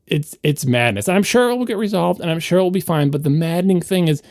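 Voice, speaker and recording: A man's voice: a little high, animated, fast, a little mellow, no room sound, studio quality. A man co-hosting a tech podcast in casual chat, ranting indignantly and with a lot of energy. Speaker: podcast co-host.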